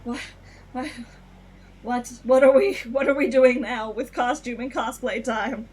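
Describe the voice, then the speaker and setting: A woman streamer casually chatting through a game, animated, swearing often and laughing between lines. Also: a little high, a little slow, husky.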